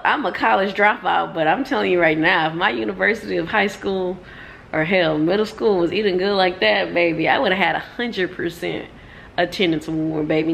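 A young woman talking casually in a reading vlog, expressive and slangy, laughing often and swearing freely. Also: fairly low pitch, vocal fry, a little hiss or hum. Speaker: book vlogger.

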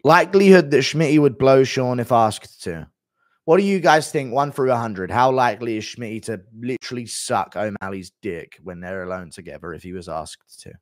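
A man streaming live and reading chat messages aloud, crude and deadpan with mumbled asides. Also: mid-range voice, normal speed, dry recording, studio quality.

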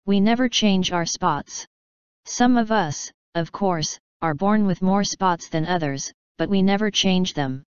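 A woman's voice: mid-range voice, unhurried, smooth, no room sound, lightly acted. A woman voicing a modest, genteel female ladybird who speaks politely and a little primly. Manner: polite, prim and refined. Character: genteel, modest female ladybird, proud of her nine spots. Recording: slightly dull, dry recording.

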